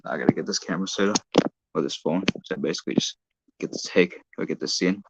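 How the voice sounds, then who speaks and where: This man, who makes toy-train videos at home as a hobby, speaks quickly in a deep, gravelly voice during a casual phone live-stream. He rambles and corrects himself frequently, and background noise mixes into the dull, lo-fi phone recording.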